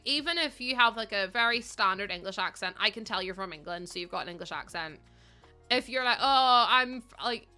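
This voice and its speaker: A young Northern Irish woman chats easily with her viewers as she builds, her voice bright and forward. Her pitch sits at an average height, and soft game music plays faintly behind her. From Northern Ireland. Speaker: game streamer. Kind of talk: casual livestream chat.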